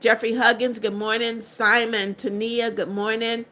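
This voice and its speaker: A woman's voice: on the high side, flat delivery, measured pace, pushed and bright. An older woman with a congested voice, hosting a livestream and answering viewer comments one by one in a chatty, blunt way. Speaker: livestream host. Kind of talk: reading viewer comments aloud.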